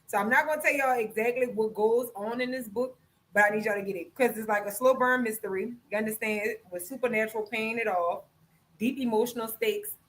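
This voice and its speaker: A woman's voice: on the high side, fairly quick, fairly bright tone, poor audio. A woman from Louisiana, hosting a live stream and chatting loosely to viewers about a book she likes, swearing freely. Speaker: podcast host. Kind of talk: casual live-stream chat, book recommendation.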